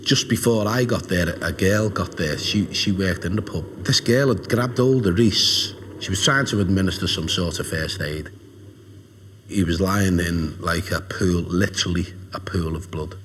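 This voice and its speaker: A man, retelling a traumatic event as a witness in a documentary interview, halting and emotional. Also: low voice, fairly bright tone, a little hiss or hum.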